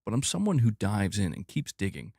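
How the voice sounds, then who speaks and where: Slow, earnest middle-aged executive voiced by a man, lower register, dry recording. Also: sing-song, a little mellow, dry recording. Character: impression of a middle-aged male game executive.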